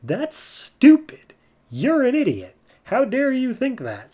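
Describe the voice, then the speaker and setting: A man's voice: very high-pitched, sing-song, moderate pace, a little mellow, voice pushed up. A man voicing a bitter, vengeful part-goddess woman in a comic recap, speaking with scornful, cutting lines.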